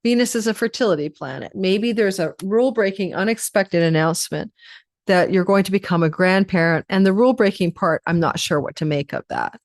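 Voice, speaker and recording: A woman's voice: mid-range voice, a little fast, no room sound, clean studio sound. A tired woman astrologer giving a rambling, chatty forecast and running through lists of possibilities. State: tired, yawning.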